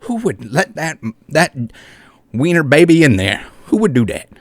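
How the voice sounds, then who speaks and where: A man's voice: fairly high pitch, sing-song, normal speed, dry recording. A man hosting a casual commentary video, reading comments and a news article aloud with sarcastic, mocking asides and frequent swearing. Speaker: YouTube commentator.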